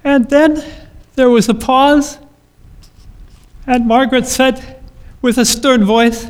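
A man preaching a sermon in a measured, liturgical cadence, ending in a blessing. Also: very high-pitched, steady tone, clean tone. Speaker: pastor.

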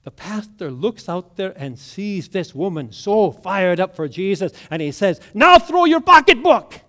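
A man preaching a sermon in a church, telling a story and shifting into loud, dramatic quoted lines. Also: sits high, measured pace.

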